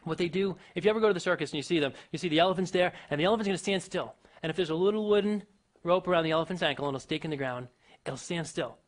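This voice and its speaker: A man giving a motivational talk to an audience, emphatic and full of rhetorical questions, swinging his pitch and loudness. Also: very fast. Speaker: motivational speaker.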